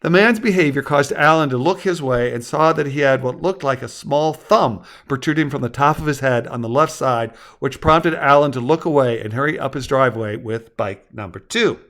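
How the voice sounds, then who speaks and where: A man narrating his own story aloud with measured, wordy storytelling. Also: medium pitch, fairly bright tone. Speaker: author and narrator.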